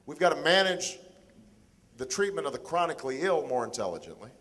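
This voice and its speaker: A man in his forties giving a town hall speech, measured and deliberate, pausing and restarting as he builds each point. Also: a little high, fairly bright tone. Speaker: political candidate.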